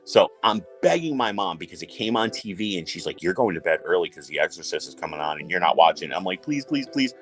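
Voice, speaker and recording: A man's voice: low voice, fast, few pauses, a bit bright, faint music behind, low-quality recording. A man from New York hosting a casual chat, telling stories animatedly, swearing and acting out quotes. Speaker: host.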